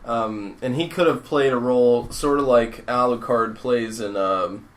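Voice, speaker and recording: A man's voice: mid-range voice, measured pace. A man co-hosting a podcast, talking in a rambling, enthusiastic way with casual swearing. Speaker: podcast co-host. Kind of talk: casual chat.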